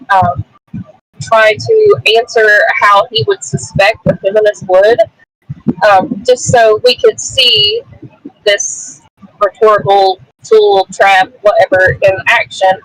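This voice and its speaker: A woman's voice: mid-range voice, very animated, slow pace, fairly bright tone, no room sound. A woman with a Southern accent, a debater chatting casually on a phone call from her car, rambling with fillers. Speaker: debater, panel guest. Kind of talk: casual chat. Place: in a car, driving.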